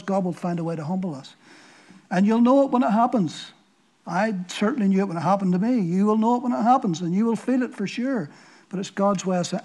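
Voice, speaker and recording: A man's voice: high-pitched, moderate pace, a little mellow. An older man preaching a sermon, telling a personal story in a conversational way with frequent repeated words. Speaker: pastor.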